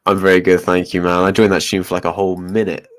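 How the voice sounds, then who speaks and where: A man's voice: low-pitched, completely flat delivery, fast talker. A man from the United Kingdom with a British accent, calling into a livestream and talking bluntly and mockingly. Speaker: guest caller. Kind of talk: casual livestream chat.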